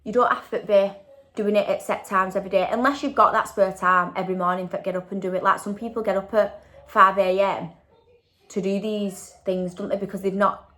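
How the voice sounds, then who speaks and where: A woman's voice: medium pitch, flat delivery, a little fast, a bit bright. A woman, chatting casually in a vlog and tagging questions onto her sentences. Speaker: vlogger. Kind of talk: casual chat.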